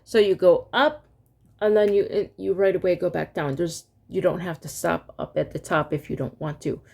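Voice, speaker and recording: A woman teaching an online music lesson in a relaxed, halting way, stopping now and then to sing solfege syllables. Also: lowish voice, gravelly. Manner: relaxed and halting, many ums, sings solfege syllables to demonstrate.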